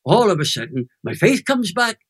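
A Welshman in his eighties telling a personal testimony as an interview guest, lively and emphatic, building to emotional high points. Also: normal speed, breathy edge. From Wales. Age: 80s. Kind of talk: animated storytelling testimony.

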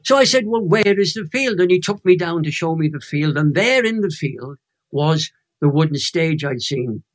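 A Welshman in his eighties telling a personal testimony as an interview guest, lively and emphatic, building to emotional high points. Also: normal speed. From Wales. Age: 80s. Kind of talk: animated storytelling testimony.

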